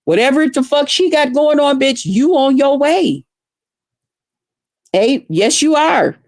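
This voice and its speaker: A woman vlogger telling a story in a profane, animated, dramatic way, casual and blunt. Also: high voice, takes it slowly, no room sound, studio quality.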